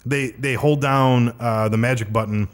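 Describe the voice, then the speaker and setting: Excitable male podcast co-host. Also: mid-range voice, moderate pace. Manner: enthusiastic, excitable. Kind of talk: casual chat about a retro video game.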